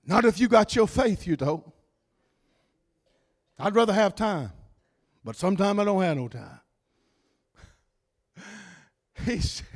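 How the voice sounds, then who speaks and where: Man, pastor, high voice, lively, shouting sermon. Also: unhurried, pauses often. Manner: shouting, swinging from loud to hushed. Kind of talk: fiery preaching sermon.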